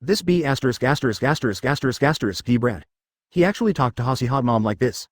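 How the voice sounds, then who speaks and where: A man's voice: medium pitch, animated, fast talker, dry recording, studio quality, lightly acted. A man reading a raging arrogant ninja ghost. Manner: shouts insults and threats. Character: arrogant furious legendary male ninja ghost.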